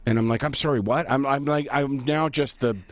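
A middle-aged man, a radio host telling a funny travel story in a lively, self-mocking way. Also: medium pitch, a little fast, no room sound. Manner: animated, self-mocking storyteller who laughs at his own tale. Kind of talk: casual on-air storytelling.

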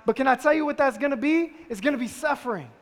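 High-voiced male preacher in a reverberant hall. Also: fast talker. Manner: conversational preaching with rhetorical questions. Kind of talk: sermon. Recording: long reverb of a large hall.

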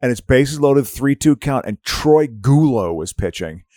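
Middle-aged man, casual storyteller, mid pitch, dry close mic, rambling delivery. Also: lively intonation, unhurried, dark tone, dry recording. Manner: rambling storyteller with frequent restarts. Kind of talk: casual chat.

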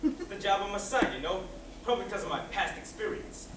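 A man's voice: sits high, expressive, a little fast, noisy background. Man playing a cheeky singing prison cook. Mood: boastful. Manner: chatty, sings show tunes. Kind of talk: stage musical acting. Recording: echoey stage recording from far off, with music.

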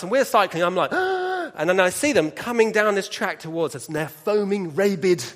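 High-voiced male preacher telling stories. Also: normal speed. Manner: animated storytelling with humor and asides to the congregation. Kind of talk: sermon.

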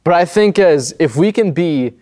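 Chatty man preaching, slightly high voice. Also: lively intonation, normal speed, darkish tone. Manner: conversational, often adds "right?". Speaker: pastor. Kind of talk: casual conversational sermon.

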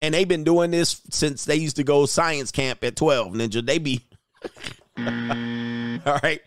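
Loud, animated, crude male commentator. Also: medium pitch, slow pace, no room sound, clean studio sound. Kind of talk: casual reaction commentary.

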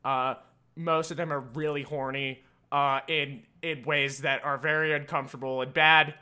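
A young man hosts a podcast in loose, rambling chat with a wry edge. His voice sits a touch high and sounds bright and forward. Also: little pitch movement, normal speed, clear, resonant tone. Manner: wry, rambling, frequent laughs and hedges. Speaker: podcast host.

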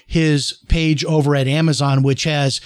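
A man's voice: a little high, little pitch movement, measured pace, smooth, dry recording. A man hosting a talk show interview, friendly and promoting his guest's books.

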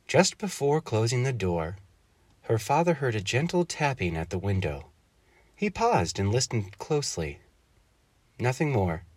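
A man's voice: low-pitched, lively intonation, dry recording. A man narrating a short bedtime-tale-turned-spooky story, drawing out the suspenseful moments. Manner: dramatic, slows for suspense.

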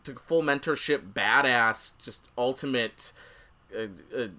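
Bright-voiced man rambling about films. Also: measured pace. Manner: rambling, many restarts, quotes scenes in a high voice. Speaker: podcast host. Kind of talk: casual film discussion.

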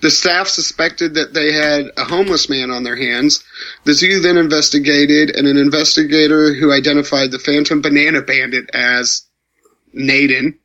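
A man's voice: on the high side, steady tone, moderate pace, sharp tone, highs cut off. A man reading out a strange news story in a casual chat, adding playful jokes along the way. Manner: reads stories aloud, playful interjections.

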